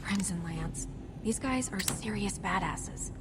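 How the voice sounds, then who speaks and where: An actress playing a cautious woman who quietly sizes up danger in a video game. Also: medium pitch, takes it slowly, background noise, close to an everyday voice.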